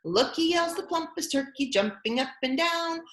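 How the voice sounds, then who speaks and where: A young adult woman, a music therapist, telling a silly story and teaching young children in a slow, exaggerated, playful way with gasps and exclamations. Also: high-pitched, expressive, fairly bright tone. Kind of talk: sing-song children's lesson and storytelling.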